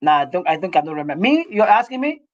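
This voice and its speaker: A man with a very high voice talks in loose slang during a group chat, often checking that the others follow him. His sound is a little dull and muffled. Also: sing-song, racing. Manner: loose slangy talk, checks in with "you understand?". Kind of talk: casual chat.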